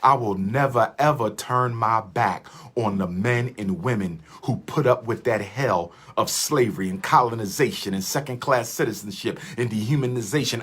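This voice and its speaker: A man's voice: on the low side, moderate pace, hardly any pauses, fairly bright tone, slightly rough. A man giving an impassioned livestream lecture, repeating his lines for emphasis in a preacher-like way. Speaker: livestream host.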